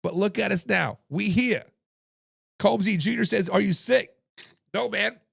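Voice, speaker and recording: A man hosting a casual live-streamed sports talk show, hoarse from coaching, chatting with viewers in the chat. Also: high-pitched, unhurried, fairly bright tone, no echo, clean studio sound. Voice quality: gravelly. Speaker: podcast host.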